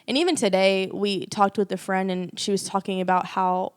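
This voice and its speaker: A woman's voice: medium pitch, level tone, normal speed, clean tone. Woman thinking aloud on a podcast. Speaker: podcast co-host. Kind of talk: faith podcast conversation.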